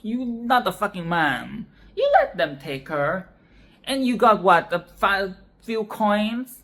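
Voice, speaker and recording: A woman's voice: mid-range voice, lively intonation, slow, fairly bright tone, voice pushed up. A woman briefly voicing a scornful old female pirate leader who mocks a boy crudely. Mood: mocking. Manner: mocking, crude.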